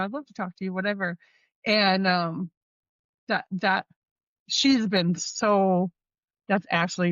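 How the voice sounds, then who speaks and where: A woman's voice: fairly low pitch, dry recording. Earnest woman guest, dull lo-fi sound. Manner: earnest, fillers like "you know what I mean". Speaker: podcast guest. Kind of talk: casual heartfelt chat.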